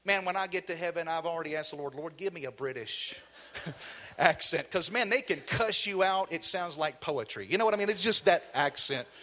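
Brief: Southern US male preacher, high bright voice, fiery call-and-response delivery in a church. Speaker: guest preacher. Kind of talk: energetic sermon. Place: church sanctuary.

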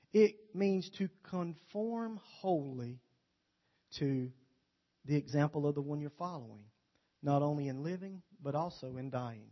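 A man preaching a sermon in a folksy, joking, storytelling way. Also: a little high. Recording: dull lo-fi recording.

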